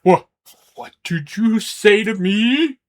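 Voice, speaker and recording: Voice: mid-range voice, expressive, takes it slowly, a little hiss or hum. A performer voicing a flustered elderly male judge in a fan dub of a video game, indignant.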